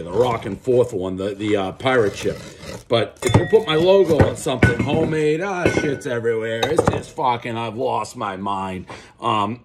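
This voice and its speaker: A man's voice: medium pitch, slight background noise. A man giving a casual, rambling and profane pizza review, telling stories as he eats. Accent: Boston. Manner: rambling, profane, animated storytelling.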